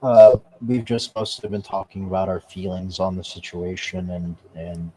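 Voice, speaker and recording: A man talking on a live stream, halting and repeating words as he speaks. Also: low-pitched, level tone, warm tone, low-quality recording. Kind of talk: casual live-stream talk.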